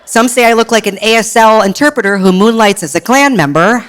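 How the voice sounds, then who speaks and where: A man in his thirties performing stand-up comedy as a drag queen, with a sarcastic, punchy delivery and deadpan asides. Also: sits high, fairly quick, slight background noise. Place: comedy stage before a crowd. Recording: live audience laughing and clapping.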